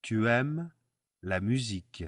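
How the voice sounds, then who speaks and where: Slow, patient man teaching French. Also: medium pitch, animated, no echo, studio quality. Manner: patient, spells out pronunciation and repeats phrases slowly. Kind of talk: language lesson with repeat-after-me drills.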